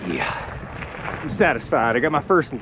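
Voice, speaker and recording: A chatty, upbeat man with a middling voice, narrating his own outdoor vlog straight to his viewers. He is out on a mountain trail, and the recording picks up clear wind and ambient noise under his voice. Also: mid-range voice, big pitch swings, a little slow. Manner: chatty and upbeat, talking to viewers while biking. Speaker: vlogger.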